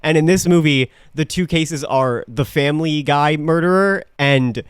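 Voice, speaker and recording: A man's voice: a little high, normal speed, clear, resonant tone, dry recording, studio quality. A man co-hosting a podcast, chatting casually and wryly about a film's silly lines. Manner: wry, chiming in, laughing at lines. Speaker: podcast co-host. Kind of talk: casual comedic chat.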